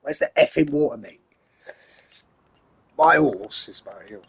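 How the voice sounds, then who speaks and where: A man's voice: medium pitch, expressive, measured pace, fairly bright tone. An English man giving rambling, chatty commentary while playing a game, talking to himself and his in-game horse. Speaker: gamer, channel host. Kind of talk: casual gameplay commentary.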